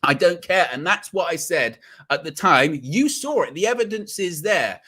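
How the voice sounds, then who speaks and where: A man's voice: a little high, very animated, normal speed, bright, forceful tone. A man hosting a live football fan show, talking emphatically and repeating phrases for effect. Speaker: host of a football fan channel livestream. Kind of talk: live post-match fan reaction show.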